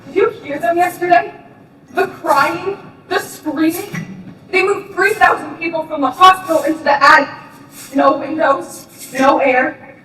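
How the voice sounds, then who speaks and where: A woman with a high voice speaks sarcastically and mockingly in a stage play. She is picked up from far off in a large theatre, and her voice carries a long reverberant tail. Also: a little hiss or hum. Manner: sarcastic, mocking, flares into shouting. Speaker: stage actor playing a camp prisoner. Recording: roomy distant stage recording.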